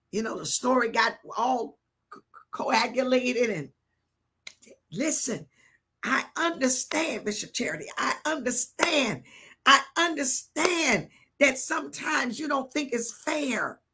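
An older woman bishop preaching a live sermon, telling a personal story with animated swings between hushed and shouted delivery. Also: high voice, a little slow, breathy edge.

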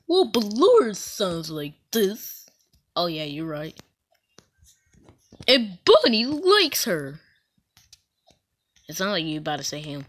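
Giggly woman with a bouncy, lively voice. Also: mid-range voice, takes it slowly, long pauses. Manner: playful and giggly, with silly outbursts. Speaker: gaming channel host. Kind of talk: casual gameplay commentary.

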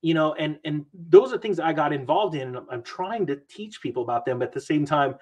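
A man talks markets in a loose, rambling podcast chat and acts out whole exchanges on the fly. His voice is husky and slightly high, and it bounces around with energy. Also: fairly quick. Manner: animated, rambling, acts out quoted people. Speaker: guest investor commentator.

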